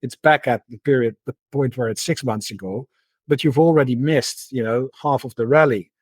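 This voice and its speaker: A middle-aged man, a guest on a podcast, talking through his past work in a relaxed, conversational way, often repeating words and restarting his sentences. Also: mid-range voice, moderate pace, breathy edge, no echo. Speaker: podcast guest, market analyst. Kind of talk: conversational interview.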